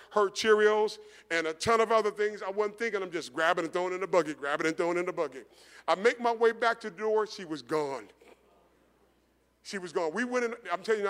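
A middle-aged male preacher tells a story from the pulpit with a slightly high voice, repeating his phrases as he builds up steam. His voice rings out with a long reverb through a large sanctuary. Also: a bit bright. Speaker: pastor. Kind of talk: sermon storytelling.

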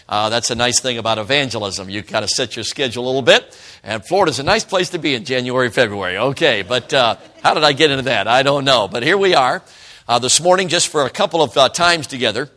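A middle-aged man from Chicago preaches as a traveling evangelist, with a bright, forceful voice. His delivery is folksy and chatty, and he keeps turning to the congregation with questions and jokes. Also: medium pitch, animated, quick pace. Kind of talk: sermon. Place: church service.

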